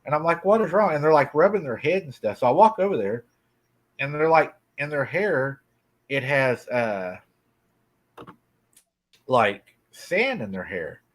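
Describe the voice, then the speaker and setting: A man's voice: medium pitch, big pitch swings, measured pace, pauses often. Folksy man telling a spooky tale. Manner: folksy, drawling, laughs often. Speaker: guest telling a cryptid encounter. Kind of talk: casual storytelling. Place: rural farm home.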